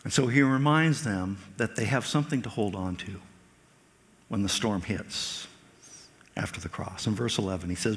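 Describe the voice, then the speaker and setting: Preacher in a long-echoing hall. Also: male voice, on the low side, moderate pace. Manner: animated, acts out quoted lines in a raised voice. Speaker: pastor. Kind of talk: sermon.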